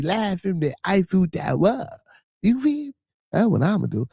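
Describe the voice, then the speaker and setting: A livestream podcast host from Chicago, by his accent, riffs on chat comments with profane, joking banter full of filler. His high, sing-song voice is gravelly, mellow, and slightly breathy at a measured pace, in echo-free studio quality.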